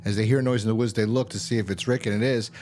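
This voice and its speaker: Low-voiced man recapping casually. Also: fairly even intonation, rapid-fire, darkish tone, a little hiss or hum. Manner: rambling, loose and slangy, with many fillers. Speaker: TV show reviewer.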